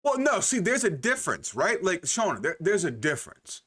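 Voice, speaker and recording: Animated, profane male streamer. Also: sits high, normal speed, breathy edge. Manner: animated, profane, rambling with laughs. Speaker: livestreamer. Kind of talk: casual livestream chat.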